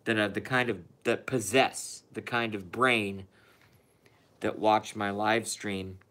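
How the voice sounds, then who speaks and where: A man talks slowly and loosely on a late-night live stream, rambling and swearing. His voice is somewhat low but bright and forward, and he sounds worn out from being up all night. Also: fairly even intonation. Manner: rambling, profane, talks to his cat and chat. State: tired from staying up all night. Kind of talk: casual live stream chat.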